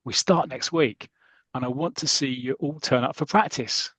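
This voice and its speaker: A man reading aloud the lines of a brisk male school sports master from a comic. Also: medium pitch, fairly bright tone, no echo, close to an everyday voice. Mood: encouraging. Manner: read aloud from a comic strip.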